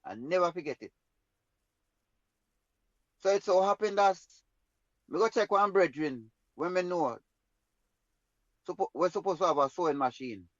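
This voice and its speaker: A man's voice: high voice, animated, normal speed, long pauses, no room sound, lo-fi sound. A man with a Jamaican accent telling a personal story in an emphatic, rambling way in patois. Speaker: guest storyteller.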